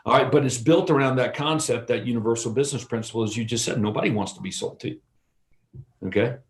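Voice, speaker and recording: A man's voice: mid-range voice, fast talker. A man co-presenting an online real estate seminar, teaching casually and acting out short shop dialogues. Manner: casual, storytelling, acts out little dialogues. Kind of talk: conversational teaching with role-play examples.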